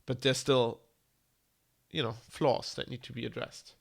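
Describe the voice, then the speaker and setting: Gravelly German man, blunt tech rant. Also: medium pitch, fairly even intonation, a little slow. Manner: rambling, blunt, with frequent ums and restarts. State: congested from hay fever. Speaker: tech news host. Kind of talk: casual live-stream tech commentary.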